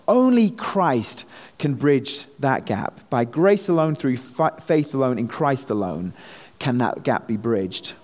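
A man with a Manchester English accent preaches a sermon as a visiting missionary pastor, slipping light jokes between his points. His voice sits a little high. The sound carries a long reverb from a large hall. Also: a little mellow. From England.

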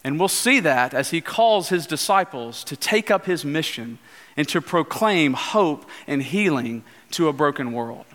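A male pastor giving an earnest sermon in a church, at times slowing into a hushed prayer. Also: fairly high pitch, lively intonation. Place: church sanctuary. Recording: church hall reverb.

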